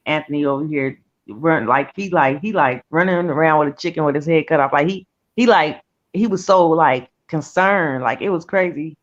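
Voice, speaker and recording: A woman's voice: low voice, moderate pace, dull audio. A woman chatting casually, telling stories full of swearing and quoted voices. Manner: profane, animated retelling with quoted voices. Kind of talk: casual chat, storytelling.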